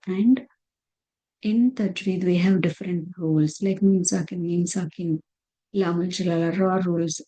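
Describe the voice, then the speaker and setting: A woman's voice: on the low side, mellow, poor audio. A woman teaching a recitation lesson over slides, patiently repeating terms and counts.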